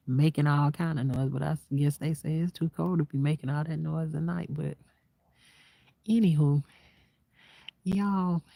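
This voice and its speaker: A woman speaking softly, almost in a whisper, in a casual and heartfelt way to her viewers. Her voice is mellow and has a gravelly edge. The sound is dry and close, recorded outdoors on a quiet night in the country. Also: sits low, no room sound. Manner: soft-spoken, half-whispering, reflective. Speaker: vlogger.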